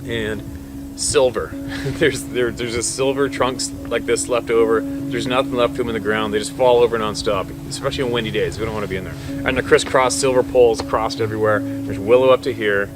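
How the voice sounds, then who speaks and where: A swearing, animated hunting guide, a man. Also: mid-range voice, fairly quick, over music. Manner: swearing, animated storyteller who swings between hushed and loud. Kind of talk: casual storytelling to camera.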